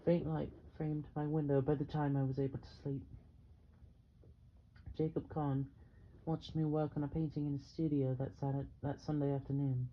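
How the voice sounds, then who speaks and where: A man narrating a novel in the first person, with a steady, measured delivery. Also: a little high, dull audio, a little hiss or hum. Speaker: audiobook reader.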